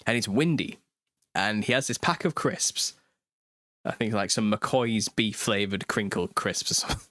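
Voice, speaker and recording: A man's voice: lowish voice, a bit bright, no room sound, studio quality. A British man in his thirties hosting a casual livestream, chatting and reading viewer comments, laughing often mid-sentence. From United Kingdom. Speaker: host.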